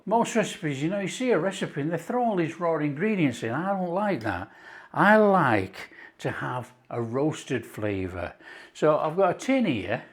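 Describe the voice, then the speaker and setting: Yorkshire guy running a cooking vlog, keen and chatty, voice sits a bit high. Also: slight background noise. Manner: enthusiastic, chatty, explains each step. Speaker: cooking channel host. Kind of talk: casual cooking demonstration.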